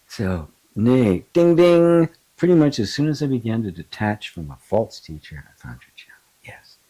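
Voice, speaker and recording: A middle-aged man, a spiritual teacher, talking reflectively in an open forum and telling stories with animated bursts. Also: on the low side, breathy edge, poor audio. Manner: reflective, animated storytelling with laughs. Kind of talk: open forum talk on self-inquiry.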